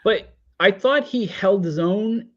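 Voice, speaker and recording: A man's voice: high-pitched, slow, muffled recording. A man talking films in a casual chat, rambling with many asides. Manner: rambling, lots of fillers and asides. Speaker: podcast guest. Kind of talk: casual film review chat.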